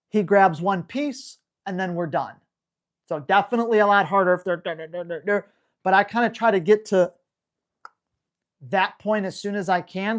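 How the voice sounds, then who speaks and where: A woman dog trainer answers viewer questions live, in a mid-range voice. She talks in a brisk, blunt, slangy way and coaches casually. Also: mid-range voice.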